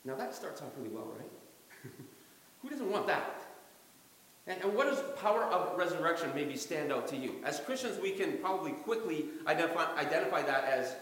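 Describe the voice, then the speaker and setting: A man preaches a sermon from the front of a church, his voice sitting a little high for a man. He is animated, acting out quotes and chuckling often as he goes. The sound carries a heavy, lingering hall reverb from the sanctuary. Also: a little fast. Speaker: pastor. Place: church sanctuary during a service.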